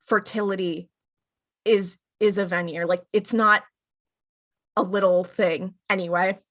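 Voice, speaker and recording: A woman co-hosting a podcast, chatting through an episode recap and quickly acting out the characters' lines. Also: medium pitch, steady tone, fairly bright tone. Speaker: podcast co-host.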